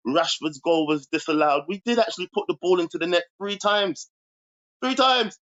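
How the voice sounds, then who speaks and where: A man calls into a football show, upbeat and playful, often laughing. His voice sits a bit high and comes through a slightly dull, muffled line. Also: fairly bright tone. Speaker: caller. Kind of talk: live-stream call-in football chat.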